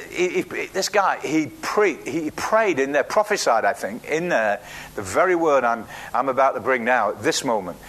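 A man preaching a sermon, telling Bible stories with acted-out quotes and frequent halting restarts. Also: a little high, fairly bright tone.

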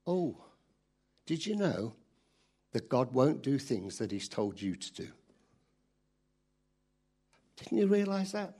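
A man preaching a sermon in a lively, animated storytelling way, acting out voices as he goes. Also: mid-range voice, unhurried, breathy edge.

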